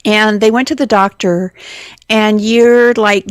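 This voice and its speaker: A woman's voice: fairly high pitch, fairly even intonation, moderate pace, clear, resonant tone, dry recording. A middle-aged woman co-hosting morning radio, chatting and reading lists conversationally in a studio. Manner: conversational, reads lists, trails off. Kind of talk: casual radio chat. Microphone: studio mic.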